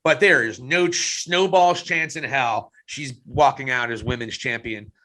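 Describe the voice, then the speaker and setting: A man co-hosting a wrestling podcast in casual chat, teasing his partner and breaking into excited outbursts. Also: mid-range voice, a little slow.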